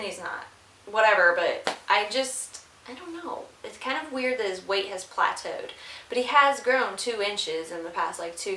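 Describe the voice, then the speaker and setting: A woman's voice: mid-range voice, bright, forceful tone. A young woman, a mother vlogging to camera, chatting casually and rambling with fillers, tired from lack of sleep. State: sleep-deprived. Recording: echoey room with faint hiss.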